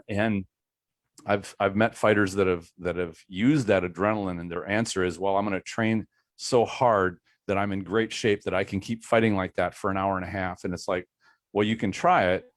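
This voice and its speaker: A man on a coaching panel giving advice in a measured way, stressing that it is only his opinion. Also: deep voice, no room sound, studio quality.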